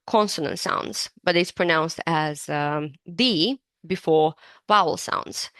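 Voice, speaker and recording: A woman English teacher explains vocabulary with patient, careful delivery, now and then wandering off on a tangent. Her voice sits a little low for a woman. The sound is dry and close, with no room echo. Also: a bit bright. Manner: patient, explanatory, breaks words down slowly; admits to digressing. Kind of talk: online English lesson.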